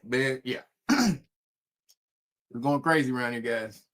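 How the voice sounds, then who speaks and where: Man reading news with commentary, casual, profane, lively pitch, stumbles and laughs. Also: takes it slowly, pauses often. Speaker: commentary streamer.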